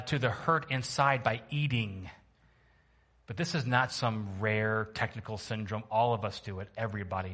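A man's voice: fairly low pitch, fairly bright tone. A man preaching a sermon to his church, talking in a loose, humorous way and putting questions to the congregation. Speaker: pastor.

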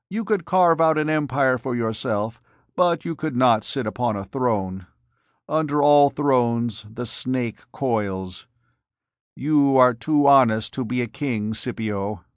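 A man's voice: medium pitch, lively intonation, takes it slowly, no echo. A man voicing a fat, jovial, shrewd man who lisps in a storybook reading. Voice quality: lisping.

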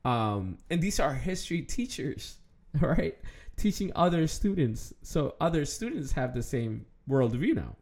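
A young man talking casually to the camera, animated, with many fillers, restarts and laughs. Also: fairly high pitch, measured pace. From Ethiopian heritage, raised in the West.

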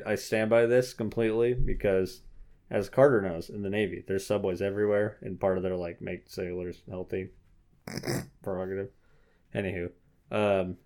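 A young man with a fairly low voice chats casually on a podcast, cracking jokes and laughing between lines. His delivery is loose and playful. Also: darkish tone. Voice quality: laughs often, jokey and playful. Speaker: podcast co-host. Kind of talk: casual chat.

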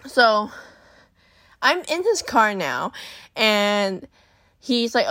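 A young woman, telling a dating story on her podcast in a casual, animated, profane way and acting out the voices she quotes. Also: mid-range voice, unhurried, pauses often, dry recording, studio quality. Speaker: podcast host.

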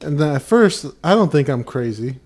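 A man co-hosting a podcast, telling an anecdote in casual chat, growing louder as he acts himself out. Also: on the high side, moderate pace. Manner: relaxed anecdote teller, gets louder when acting himself out. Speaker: podcast co-host.

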